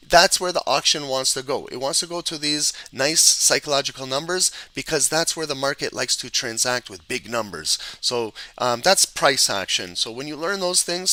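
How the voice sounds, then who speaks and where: Man, trading teacher, bright forceful voice, live chart walkthrough, instructive, checks in often. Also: fairly high pitch, no room sound, poor audio. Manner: instructive, repeats "okay?" checks, animated auctioneer riffs. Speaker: trading educator. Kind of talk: live screen-share market analysis.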